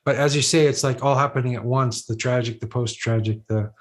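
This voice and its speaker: A man hosting a video-call book club conversation who speaks in a halting, hesitant way, repeating words as he searches for his point. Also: medium pitch, fairly even intonation. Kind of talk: casual conversation.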